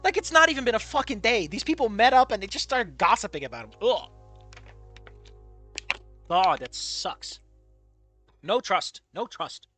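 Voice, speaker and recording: A streamer chatting casually over a game, cursing and laughing in excitable outbursts, with faint music behind. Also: mid-range voice, normal speed, long pauses. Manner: profane, giggly, excitable outbursts. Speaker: let's play streamer. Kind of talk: casual game commentary and reading aloud.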